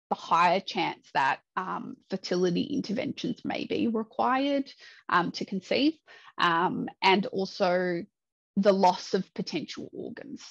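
A woman's voice: mid-range voice, no room sound, muffled recording. A woman guest on a podcast, talking earnestly and chattily with many fillers. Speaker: dietitian guest. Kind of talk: podcast interview talk.

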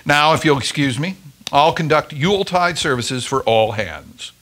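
A stern old navy captain with a blunt, terse way of speaking, as a male reader puts him on. The voice is bright and moves up and down with plenty of life. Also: on the high side, animated, moderate pace.

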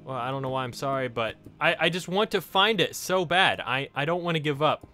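A man narrates his gameplay straight to his viewers, excitable and quick to exclaim. His voice sits a little high and bright, and his pitch swings widely. Faint game music plays behind him. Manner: excitable, exclaims and laughs often; talks directly to viewers. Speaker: gaming YouTuber. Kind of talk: Let's Play commentary.

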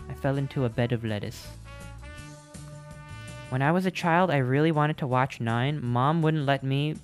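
A live streamer talking straight to viewers from a home setup, loose and rambling and full of restarts. The pitch sits in the middle, and faint game music plays underneath. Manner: chatty, rambling and playful, with frequent restarts.

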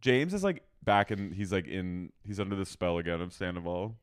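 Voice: sits low, moderate pace, clear, resonant tone. A podcast co-host recapping a reality show in casual, mocking comic chat. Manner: animated, mocking storyteller.

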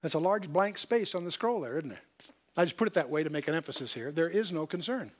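A man's voice: fairly high pitch, lively intonation, fast talker. An older man giving a verse-by-verse Bible lesson, stressing key points and asking his listeners questions. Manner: emphatic, repeats key points, asks the audience questions. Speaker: Bible teacher.

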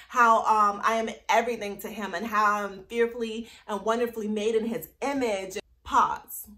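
A woman's voice: fairly high pitch, fairly bright tone. A woman in her thirties sharing a personal testimony in a casual, bubbly vlog, laughing often. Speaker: vlogger.

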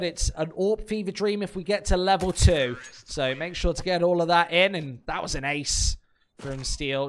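Male streamer commentator, high voice, brisk chatty delivery, faint noise in the background. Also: fairly bright tone. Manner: brisk, chatty, talks to viewers.

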